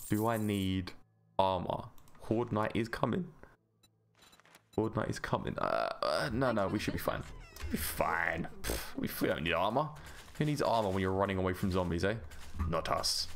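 Man, gaming commentary, lower voice, very lively pitch, rambling, self-mocking. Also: vocal fry. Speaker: gaming channel host. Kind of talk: casual gameplay commentary.

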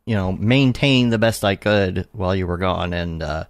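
A man's voice: low-pitched, moderate pace, no room sound, studio quality. A man hosting a casual podcast chat, rambling a little and laughing often. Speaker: podcast host.

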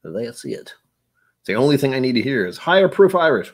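A man's voice: mid-range voice, very animated, brisk. A young man hosting a casual live-stream whiskey tasting, rambling playfully and breaking into silly noises and humming.

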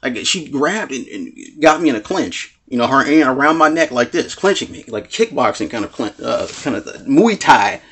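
Man, vlogger. Husky, gravelly voice, rambling casual storytelling, acts out quotes with cursing. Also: medium pitch, sing-song, normal speed, few pauses, a bit bright. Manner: rambling, full of "you know what I'm saying"; acts out quoted lines with swearing. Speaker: vlogger telling a personal story.

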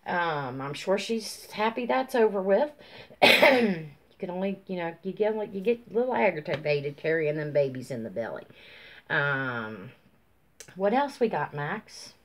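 A woman vlogger giving casual, rambling shout-outs to her viewers over a phone, full of ums and folksy warmth. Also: big pitch swings, unhurried. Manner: high sing-song baby talk to her dog. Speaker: YouTube vlogger.

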